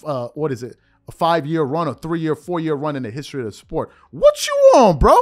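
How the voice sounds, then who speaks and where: A male sports show host ranting in an animated way, firing off repeated rhetorical questions in casual slang. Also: fairly high pitch, a little fast. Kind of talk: animated opinion rant.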